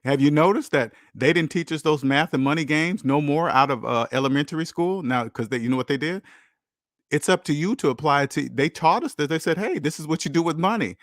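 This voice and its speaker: A man hosts a finance channel, speaking casually yet preachily about money and debt and acting out the voices of people he quotes. His voice is fairly high and fairly bright, a little fast, recorded in clean studio sound with no room echo.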